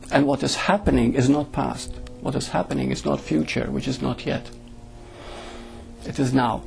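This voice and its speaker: A man's voice: mid-range voice, creaky, a little mellow. A man giving a satsang talk as a spiritual teacher, speaking to a group and often asking "you see?".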